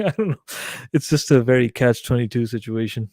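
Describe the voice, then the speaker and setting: Animated man telling a story. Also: fairly low pitch, fast, dry recording, clean studio sound. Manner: animated storytelling, acting out quoted dialogue; frequent swearing. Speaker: guest musician. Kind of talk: casual podcast chat.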